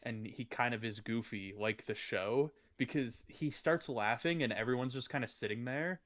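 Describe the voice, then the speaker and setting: A man's voice: mid-range voice, normal speed, a bit bright. A young man in his twenties co-hosting a podcast, retelling movie scenes in an easygoing way. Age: 20s. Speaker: podcast co-host. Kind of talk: casual film review chat.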